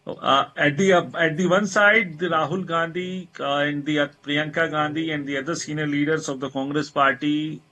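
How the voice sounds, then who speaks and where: A man, asking a long question in a news interview, halting and restarting as he goes. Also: fairly high pitch, steady tone, bright, forceful tone, low-quality recording. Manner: halting, many fillers and restarts.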